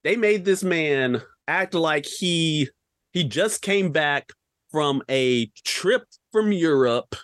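A young man rants about films on a podcast, firing off rhetorical questions in casual slang. His pitch swoops up and down with a lot of life, and the close mic sounds dry with no room echo. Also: slow. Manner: animated, ranting, rhetorical questions, slang-heavy. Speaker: podcast co-host. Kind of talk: casual film-review rant.

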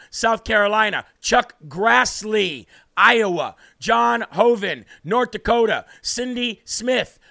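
A man's voice: high-pitched, vocal fry, sharp tone, no echo, clean studio sound. A man hosting an American political talk show, combative and ranting at times. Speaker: show host.

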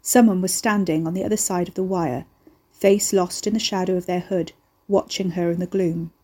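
A woman narrating a novel chapter as an audiobook, in a steady, measured way. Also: on the low side, husky.

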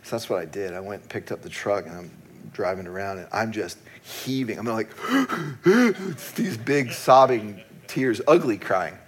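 A man's voice: on the low side, lively intonation, moderate pace, a little hiss or hum. A middle-aged man, a pastor, preaching a sermon and telling a personal story in a candid, self-deprecating way, often laughing at himself.

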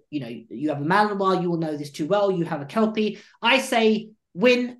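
A man, a dog trainer and coach, explaining his training methods at length in an animated interview. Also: fairly high pitch. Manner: animated, acts out what the dog thinks. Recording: roomy echo.

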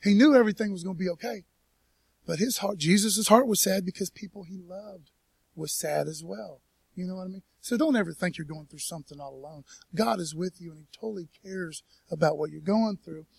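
Male pastor, high-pitched, relaxed folksy sermon delivery, dry recording. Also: brisk, gravelly, breathy edge, no echo. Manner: folksy, peppered with "man" and "you know". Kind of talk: casual conversational sermon. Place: church.

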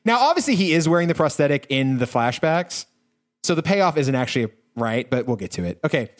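A man with a slightly high voice recaps a movie on a podcast. He rambles and swears, filling every gap with "uh" and "like". The talk is casual and chatty. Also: very animated, fairly quick. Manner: rambling, profane, many fillers and restarts. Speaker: podcast co-host.

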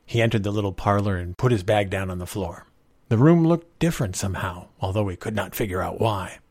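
A man narrating a story in a measured, expressive reading voice. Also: lowish voice, dry recording.

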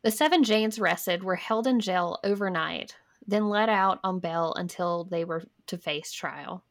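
A young woman co-hosting a podcast, reading history notes aloud in a casual way and stopping for wry asides. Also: mid-range voice. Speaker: podcast co-host.

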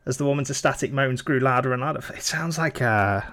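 A man's voice: mid-range voice, a little fast, a bit bright. A man co-hosting a casual podcast, rambling and swearing, laughing often. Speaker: podcast co-host. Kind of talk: casual chat.

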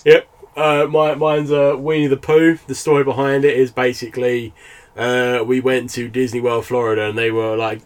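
An English man of middle pitch, speaking as a podcast guest. He chats casually, laughing often and filling pauses with "like" and "you know". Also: little pitch movement. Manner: laughs often, with many fillers. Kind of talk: casual chat.

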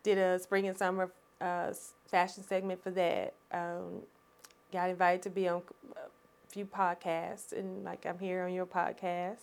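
A woman, a podcast guest telling her story in an animated, expressive way and laughing often. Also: on the low side, a little slow, gravelly. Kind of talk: storytelling in conversation.

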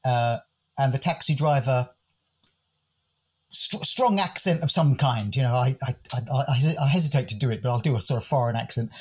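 A man's voice: medium pitch, moderate pace, darkish tone, breathy edge. An older man from the United Kingdom, a podcast host and interview guest, musing thoughtfully and quoting poets. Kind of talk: reflective interview talk.

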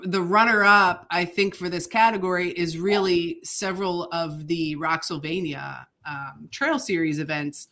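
A woman's voice: on the low side, fairly bright tone. A woman co-hosting a podcast in casual chat, chatty and laughing often. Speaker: podcast co-host.

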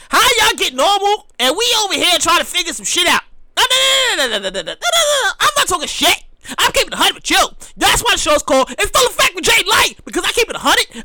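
A woman hosting her own show in an excitable, profane comedic rant. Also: high voice, no room sound. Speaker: show host.

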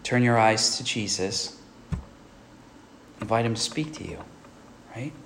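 A male pastor giving an earnest sermon who often checks in with a quick "right?". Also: fairly low pitch, a bit bright, slight background noise.

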